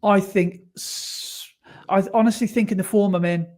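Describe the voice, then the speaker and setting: A man's voice: high-pitched, fairly even intonation, normal speed, a little mellow. A man co-hosting a podcast, chatting casually in an easygoing, rambling way. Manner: easygoing, rambling, repeats himself. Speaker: podcast co-host. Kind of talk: casual chat.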